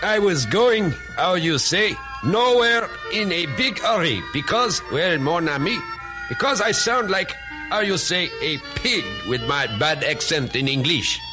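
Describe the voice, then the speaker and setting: A boastful fake-French student, higher voice, lively swings, music behind. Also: male voice, a little slow. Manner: proud, bouncy testimonial. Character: eager male satisfied student testimonial.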